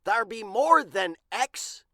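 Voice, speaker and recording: A woman voicing a gruff, loud male pirate captain who talks in blustery pirate slang, read slowly for a picture book. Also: on the high side, animated, dry recording, clean studio sound, pitched above the performer's own voice, heavily acted. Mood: excited. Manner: growling pirate talk, blustery.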